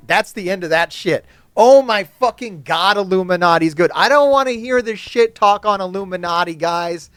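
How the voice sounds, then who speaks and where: A man giving casual gameplay commentary to his chat, swearing often and ranting excitedly about characters. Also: sits high, clear, resonant tone, dry recording. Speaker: gaming YouTuber.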